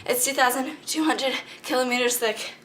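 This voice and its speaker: Bright dramatic teen girl. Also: sits high, moderate pace, slight background noise. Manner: dramatic, complaining, filler "like" talk. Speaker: student explorer in a school skit. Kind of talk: amateur skit, casual chat.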